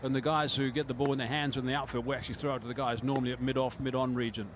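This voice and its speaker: Male cricket commentator, relaxed explainer, mid-range voice, live broadcast with loud outdoor ambience. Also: medium pitch, very fast, slight background noise. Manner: relaxed and explanatory, with frequent fillers.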